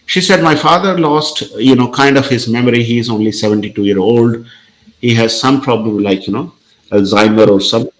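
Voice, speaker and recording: A man's voice: mid-range voice, brisk, low-quality recording. A man, a podcast guest telling a story in a hesitant, conversational way with many fillers.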